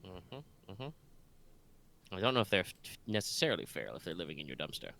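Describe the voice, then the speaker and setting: A man's voice: low-pitched, sing-song, very fast, vocal fry, bright, forceful tone. A congested, slightly nasal man running a tabletop game as game master, chatty and rambling with plenty of fillers.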